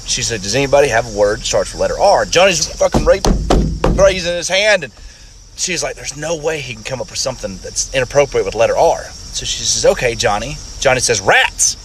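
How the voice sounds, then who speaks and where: A man's voice: mid-range voice, expressive, a little fast, noisy background. A man telling a crude classroom joke in a casual, rambling way, swearing freely. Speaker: joke teller.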